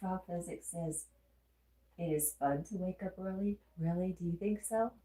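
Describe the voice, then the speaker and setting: On a casual livestream, a Southern-accented woman with a stuffy nose chats away, reading her viewers' comments out loud and answering them. Her voice is on the low side and dark in tone, at normal speed, and the room echoes.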